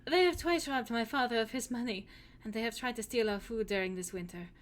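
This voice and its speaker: A woman's voice: on the high side, fairly quick, close to an everyday voice. A woman voicing a polite, wistful young farm girl, trying a German-style accent with stiff, formal phrasing. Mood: serious. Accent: attempted German-style accent.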